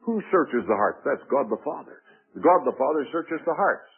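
A man preaching a sermon, talking fast, rising louder on key points and dropping low for asides. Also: expressive, slightly rough. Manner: fast talker. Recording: tinny lo-fi radio broadcast.

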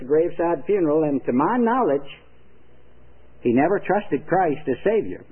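Older male preacher, high-pitched, earnest and emphatic, thin phone-like radio sound. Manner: earnest and emphatic, telling stories. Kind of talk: evangelistic sermon.

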